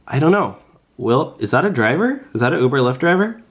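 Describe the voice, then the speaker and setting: A man's voice: mid-range voice, big pitch swings, brisk, fairly bright tone. A young man rambling jokily in a casual vlog, with lots of fillers as he talks to his viewers. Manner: rambling, jokey, full of fillers like "like" and "um". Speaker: rideshare driver and vlogger.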